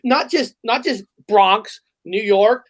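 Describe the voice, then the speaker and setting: A woman's voice: mid-range voice, takes it slowly. A woman co-hosting a casual chat, reading out viewer comments and telling stories in a conversational way. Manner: conversational storytelling.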